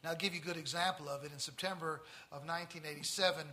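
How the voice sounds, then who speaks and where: A man with a Tennessee accent preaching a sermon, stressing key words slowly and turning to the congregation with folksy asides. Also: fairly high pitch, steady tone, pushed and bright, slight background noise. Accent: Southern US, Tennessee.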